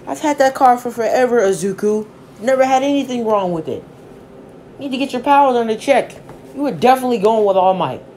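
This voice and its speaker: The narrator voicing a shrill, upset mother who scolds her son in a high, fast voice. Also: animated, darkish tone, a little hiss or hum, close to an everyday voice. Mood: scolding.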